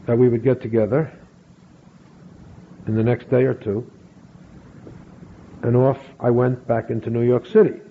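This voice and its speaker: A middle-aged man slowly telling a personal story, acting out bits of dialogue. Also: mid-range voice, level tone, slightly rough. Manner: slow, measured storytelling with acted quotes. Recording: phone-like narrow sound with faint hiss.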